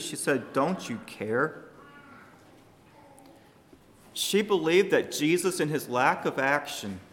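A man preaching a sermon to his congregation, speaking emphatically and shifting his loudness for emphasis. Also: on the high side, in a large hall, a little hiss or hum.

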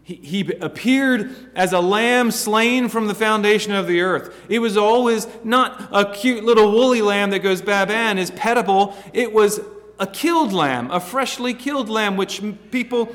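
A man preaching a sermon, earnest, with stammering restarts and swings between loud and hushed passages. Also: high voice, moderate pace, in a large hall.

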